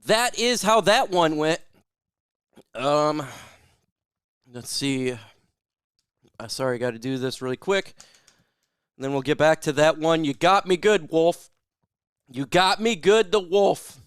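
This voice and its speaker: A man hosts a live sports stream in casual, hype-driven chat, bursting into whoops and shouts for his viewers. His voice sits fairly high and comes through smooth and clear. The close mic leaves almost no room sound. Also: takes it slowly, pauses often, no echo.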